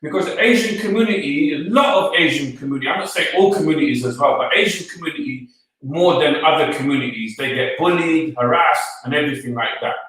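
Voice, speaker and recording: A man telling an animated story as an interview guest, acting out the other people's lines in quotes. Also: a little high, fast talker, distant mic. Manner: retells the scene, voicing each person in quoted lines. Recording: echoey room, speaker off-mic.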